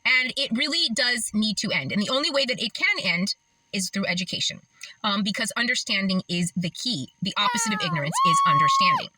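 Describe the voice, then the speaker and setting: Lively, bright-voiced woman vlogger. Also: on the high side, fairly quick, a little hiss or hum, poor audio. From Las Vegas, Nevada, USA. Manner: earnest, emphatic, chatty with laughs. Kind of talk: casual talk to camera.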